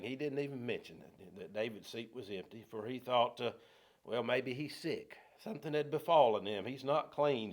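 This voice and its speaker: Male Bible teacher, folksy, slightly higher voice, flips between reading verses and casual retelling. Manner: folksy, reads scripture then paraphrases in plain talk, rising loud on quotes. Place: church.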